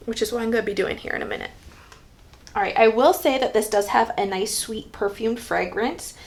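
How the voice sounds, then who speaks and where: Woman, hair vlogger, a bit high-pitched; loose, rambling talk while styling on camera. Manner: chatty, thinks aloud with many "like" fillers. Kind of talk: casual tutorial chat.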